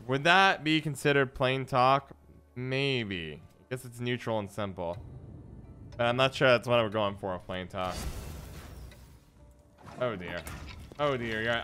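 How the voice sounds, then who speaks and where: A man's voice: medium pitch, measured pace, pushed and bright, soft background music. A man streaming a card game, chatting playfully with his viewers and answering chat as he plays. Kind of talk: casual live-stream gameplay commentary.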